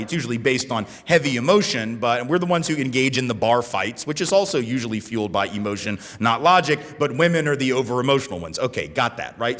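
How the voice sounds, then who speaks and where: An American man gives a keynote in a conference hall before an audience, talking animatedly with his hands and repeatedly asking "right?" His voice is medium in pitch, and the hall's long reverb is clearly audible.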